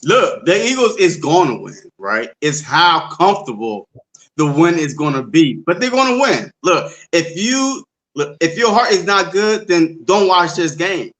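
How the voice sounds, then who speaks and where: A man's voice: a little high, very animated, unhurried, fairly bright tone, low-quality recording. A man on a sports podcast talking in casual banter, laid-back, laughing and swearing freely. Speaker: podcast co-host.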